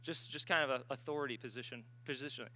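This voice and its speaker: A man preaching a sermon in a conversational, emphatic way, swinging between loud and hushed and acting out the voices he quotes. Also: medium pitch, steady tone, fast. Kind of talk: sermon with storytelling.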